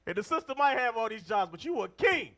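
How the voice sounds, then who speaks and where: High, lively preacher man. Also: fast. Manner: emphatic, calls for readings, call-and-response. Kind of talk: street-style sermon to a group of men.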